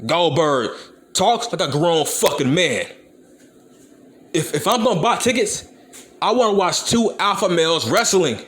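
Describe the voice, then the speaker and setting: Channel host, young man, blunt and profane, lively higher voice. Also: measured pace, long pauses. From Compton, California. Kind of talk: ranting commentary video.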